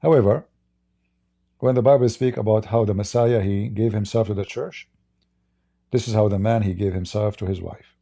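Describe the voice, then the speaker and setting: A man's voice: lowish voice, fairly even intonation, moderate pace, gravelly, pauses often, mellow. A man with an Arabic accent hosting live-stream debate commentary, emphatic and full of rhetorical questions to his audience. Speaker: Christian apologist host.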